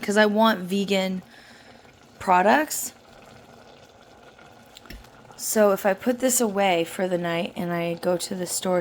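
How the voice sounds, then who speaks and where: A woman's voice: mid-range voice, slight background noise. A woman vlogging from her home kitchen while baking, chatty and playful, laughing often. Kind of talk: casual kitchen vlog.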